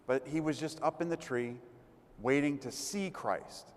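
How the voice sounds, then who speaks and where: A man's voice: a little high, a little slow. A man giving a conversational sermon as a priest, retelling gospel stories and acting out the crowd's voices. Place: church. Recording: long church reverb.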